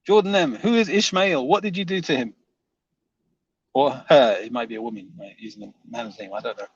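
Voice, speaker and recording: A man's voice: mid-range voice, a little fast, slightly rough, dry recording, lo-fi sound. A man hosting a casual livestream, reading viewer comments aloud and teasing them, laughing often.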